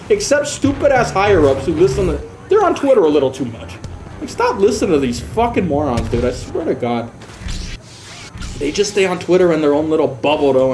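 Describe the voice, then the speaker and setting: A man's voice: a little high, background noise. A man ranting profanely and heatedly during a casual livestream, often slipping into mocking voices. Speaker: live streamer.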